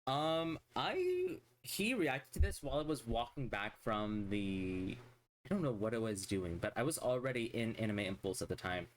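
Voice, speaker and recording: A man's voice: mid-range voice, animated, normal speed, a little hiss or hum. Ranting, profane male streamer. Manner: rambling, swears constantly, exasperated ranting. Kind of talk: casual livestream chat.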